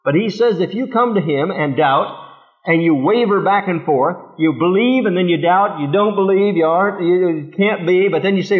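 A man preaching a sermon with a fairly high voice, reading scripture and firing off pointed rhetorical questions. The recording is thin and tinny, like it came down a phone line. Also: normal speed. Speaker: pastor.

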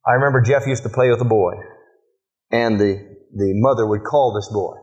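At normal speed, with a medium pitch and darkish tone, a middle-aged pastor delivers a sermon full of folksy family anecdotes. He dramatizes what he told his children, captured in a muffled lo-fi recording.

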